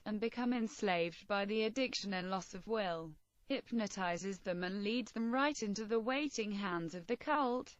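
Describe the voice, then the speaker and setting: A woman's voice: mid-range voice, no echo. A woman narrating a first-person story in an earnest, intense manner. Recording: dry, slightly muffled recording.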